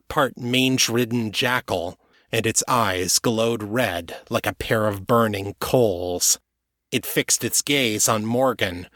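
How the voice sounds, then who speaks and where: A man narrating an audiobook chapter in a steady, even storytelling manner. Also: on the low side, no room sound, studio quality.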